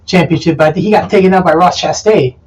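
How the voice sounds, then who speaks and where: High-voiced young man, rambling sports chat. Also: background noise. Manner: rambling, halting, laughs often. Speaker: co-host. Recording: voice from far off the mic.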